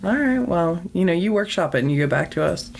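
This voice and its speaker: Woman co-host, low-ish voice, giggly and self-deprecating, casual movie-recap chat. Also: lively intonation, quick pace, gravelly, a little mellow, slight background noise. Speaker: podcast co-host.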